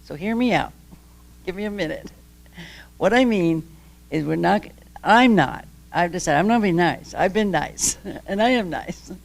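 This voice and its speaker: Gravelly older woman, emphatic speaker. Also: lowish voice, expressive, moderate pace. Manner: emphatic, impassioned, laughs between points; rambling with restarts. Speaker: guest speaker. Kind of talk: public talk, candid personal story.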